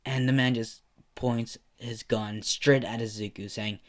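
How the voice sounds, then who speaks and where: A man's voice: mid-range voice, steady tone, a little slow. Man rambling through an improvised story. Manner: rambling, with frequent restarts. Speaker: fan story narrator.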